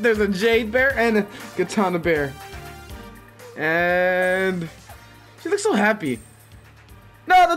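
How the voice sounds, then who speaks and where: Lively, excitable male game commentator. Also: high-pitched. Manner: excitable, swears, laughs and yelps at the game. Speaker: gameplay commentator. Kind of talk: casual let's-play commentary. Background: game music and sound effects.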